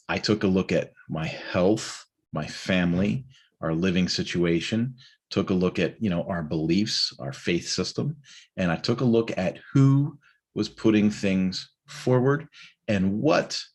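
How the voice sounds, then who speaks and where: A man's voice: low voice, a little mellow, slightly rough. A middle-aged man casually talking through his day in a rambling morning check-in, with lots of fillers and tag questions. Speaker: host of a morning check-in live stream. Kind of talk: casual personal monologue.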